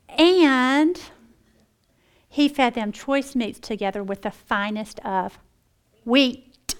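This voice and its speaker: A middle-aged woman, giving a folksy devotional talk to a women's group. She moves between hushed asides and loud, lively bursts. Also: a little high, slow pace, long pauses, clear, resonant tone. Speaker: women's Bible teacher.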